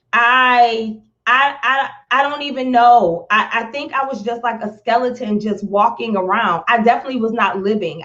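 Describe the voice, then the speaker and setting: A woman talking slowly and with feeling on a live stream, close to tears at times and repeating words as she reaches for them. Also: fairly high pitch, fairly bright tone, lo-fi sound. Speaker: motivational speaker on a live stream. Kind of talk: heartfelt live-stream talk.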